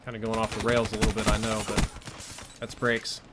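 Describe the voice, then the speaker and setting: A man's voice: fairly low pitch, monotone, a little fast, very noisy. A man with a Southern US accent, giving blunt, earnest advice and swearing freely while streaming gameplay. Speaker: gaming streamer. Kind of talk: live gameplay commentary with chat. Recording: game gunfire loud behind voice. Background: video game gunfire.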